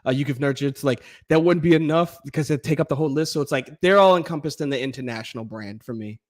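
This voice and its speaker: A man co-hosting a sports podcast in a casual, animated and profane way, laughing often. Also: mid-range voice, quick pace. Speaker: podcast co-host.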